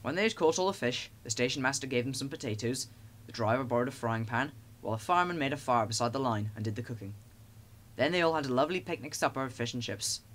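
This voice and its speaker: A man narrating a children's storybook in a lively, expressive way. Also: medium pitch, fast talker, a little hiss or hum. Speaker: audiobook narrator.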